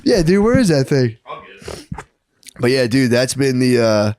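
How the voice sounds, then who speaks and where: A man's voice: mid-range voice, very animated, a little slow, a little mellow, no echo. A man co-hosting a comedy podcast, talking casually and profanely and acting out arguments in raised voices. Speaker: podcast co-host.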